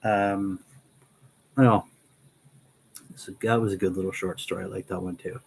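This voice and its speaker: A man's voice: low voice, little pitch movement, moderate pace, gravelly, slight background noise, rough recording. A man hosting a Q&A, casually rambling through stories with many restarts. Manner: rambling, full of fillers and restarts. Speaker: host of a Q&A channel.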